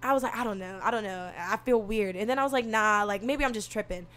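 A soft-spoken young woman telling a story in casual talk, animated and profane, acting out what people said. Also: mid-range voice, fast talker. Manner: animated, swearing, acts out quotes.

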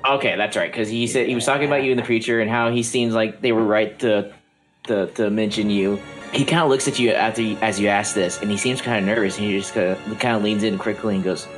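A man narrating as game master of a tabletop game, halting and restarting often. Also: lowish voice, steady tone, faint music behind.

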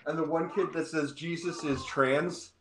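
A man's voice: a little high, steady tone, measured pace. Rambling man in a noisy recording. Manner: rambling, speculating aloud. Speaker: podcast co-host. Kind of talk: casual chat.

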